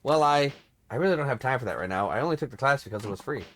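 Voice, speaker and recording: A man's voice: mid-range voice, animated, very fast, a bit bright. A man reading aloud the lines of a polite young woman student from a video game. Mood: apologetic.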